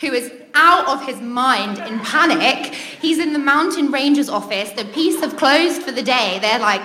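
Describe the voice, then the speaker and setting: This British woman's voice sits high and sounds sharp and animated, moving at normal speed with few pauses. She chats through a humorous personal story, giggling between lines and saying um a lot.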